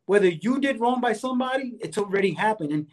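A man's voice: sits high, animated, fast talker. A man co-hosting a casual talk about anger who talks earnestly and keeps checking in with "right?" and "you know". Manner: enjoys exercise, speaks of fitness. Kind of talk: casual conversational advice.

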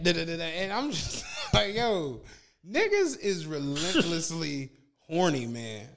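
Philly guy on a podcast, high voice that swings all over, acting out every quote. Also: unhurried. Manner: animated storyteller, acts out quotes. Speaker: podcast co-host. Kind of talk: casual chat.

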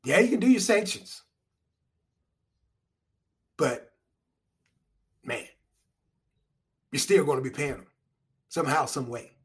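A man's voice: a little high, very animated, takes it slowly, long pauses, breathy edge. A man giving solo spoken commentary in a conversational, rambling way, with restarts and wry chuckles.

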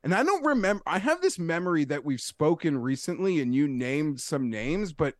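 A man's voice: fairly high pitch, very animated, moderate pace, dry recording. A man co-hosting a podcast in casual, rambling chat. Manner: rambling, full of "like" and restarts. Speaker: podcast co-host.

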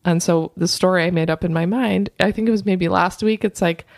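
A woman's voice: fairly low pitch, steady tone, fairly quick, dry recording, studio quality. A woman co-hosting a podcast, telling a personal story in casual chat, full of fillers like "like". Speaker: podcast co-host.

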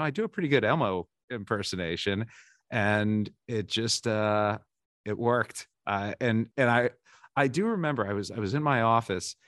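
A man in his forties, a baseball insider appearing as a podcast guest, shares candid, self-deprecating stories in a casual interview, often restarting his sentences. His voice is fairly low and a bit bright, recorded with clean studio sound and no room sound.

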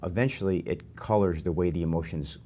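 Host: older man with a very low voice, animated and anecdotal, pokes fun at himself. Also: fairly quick, slight background noise. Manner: animated, anecdotal, self-deprecating. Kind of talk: conversational interview.

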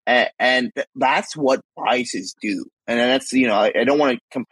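A man with a somewhat husky voice talks through ideas on a podcast, often restarting his sentences. He is recorded dry on a close mic. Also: mid-range voice, normal speed, fairly bright tone, no room sound, rough recording. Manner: thoughtful, rambling, frequent restarts. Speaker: podcast co-host. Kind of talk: casual podcast discussion.

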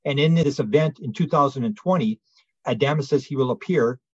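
A man being interviewed as a guest researcher, telling a long story in an animated way, often restarting his sentences. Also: mid-range voice, a little fast, breathy edge, no echo, dull audio.

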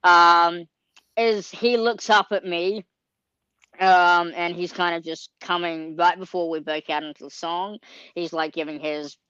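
A young woman in an interview telling a story in a lowish, smooth voice, earnest and packed with fillers. The mic is close and dry, with a slightly dull, lo-fi tone. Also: steady tone, measured pace, fairly bright tone, no echo. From Australia. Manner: earnest, heavy on fillers like um, like and you know. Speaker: actor being interviewed. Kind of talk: casual anecdote telling.

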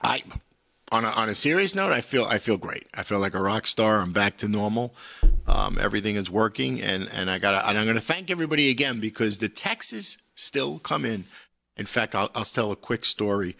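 A man's voice: lowish voice, animated, a little fast, creaky, sharp tone. A man co-hosting a talk show, chatting casually and telling a story, often repeating words. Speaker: co-host. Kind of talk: casual studio chat.

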